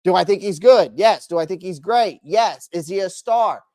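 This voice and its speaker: A man's voice: high-pitched, normal speed, warm tone, no echo, studio quality. A man hosting a casual live stream, answering chat by name with strong opinions and frequent restarts.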